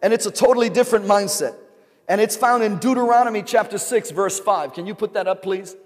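A man's voice: high voice, brisk. A man preaching a sermon as pastor, calling out questions for the congregation to answer. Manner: call-and-response preaching, repeated rhetorical questions to the congregation. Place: large church sanctuary. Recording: long reverb of a large hall.

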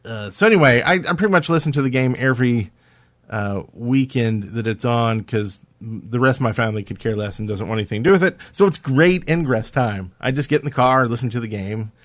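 A man from Alabama co-hosting a podcast, in casual chat at a mid-range pitch. He rambles through fillers and restarts and laughs easily. The sound is dry and close. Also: a little fast, dry recording. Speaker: podcast co-host.

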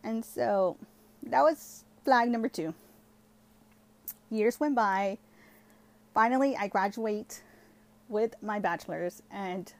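A woman's voice: on the high side, animated, slow, pauses often. Chatty young woman telling a story. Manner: chatty, heavy use of "like", switches between English and Spanish. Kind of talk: casual storytelling.

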